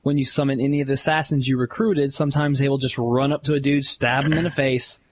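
A man co-hosting a gaming podcast, reading listener emails aloud in a brisk, jokey way. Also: mid-range voice, fairly even intonation, slight background noise. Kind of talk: casual chat and reading aloud.

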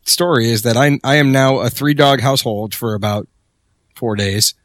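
A man hosting a podcast in a relaxed, casual chat, laughing often. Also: medium pitch, normal speed, no echo, studio quality. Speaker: podcast host.

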